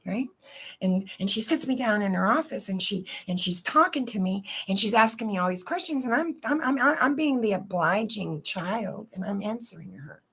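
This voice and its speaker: A woman's voice: mid-range voice, fairly bright tone, husky. A woman telling a personal story in a casual, rambling way, swearing freely and often checking in with her listeners. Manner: profane, rambling, keeps asking "right?".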